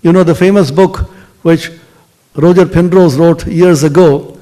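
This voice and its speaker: A man giving a spiritual lecture, telling stories expressively and dropping to soft tones for emphasis. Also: a little high, fairly even intonation, unhurried.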